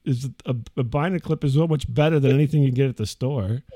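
A man's voice: medium pitch, fast talker, dark tone, no echo, studio quality. A middle-aged man hosting a podcast, telling a rambling, profane story in a casual way. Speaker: podcast host.

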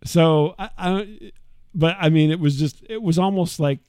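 A middle-aged man co-hosting a podcast, telling a story in a lively, casual way and mimicking the voices of others. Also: a little high, a little slow, smooth, no room sound, clean studio sound. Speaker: podcast co-host. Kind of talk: casual chat.

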